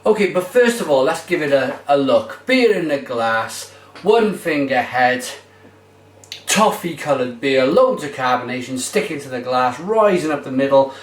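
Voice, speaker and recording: A man's voice: medium pitch, expressive, moderate pace. A man giving a casual, enthusiastic beer tasting review. He rambles with fillers as he talks. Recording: roomy echo, mic far off.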